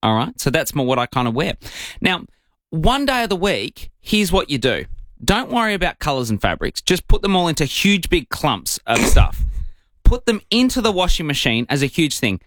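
A man's voice: a little high, moderate pace, dry recording. A man co-hosting a breakfast radio show, chatting in a playful, jokey way. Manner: playful, lively, jokey delivery. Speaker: radio co-host.

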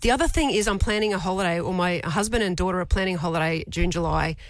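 A middle-aged Australian woman co-hosting a casual chat show, telling stories in an animated way. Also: fairly low pitch, fast, no room sound. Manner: animated storyteller, acts out quotes with laughs. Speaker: co-host.

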